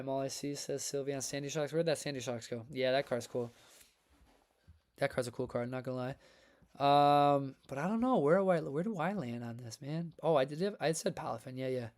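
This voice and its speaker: A man hosting a trading card livestream, chatting casually with viewers in a hyped, upbeat way, his voice worn from reading. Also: mid-range voice. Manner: energetic, hype-filled, talks to chat as folks and man. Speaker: livestream host reviewing trading cards.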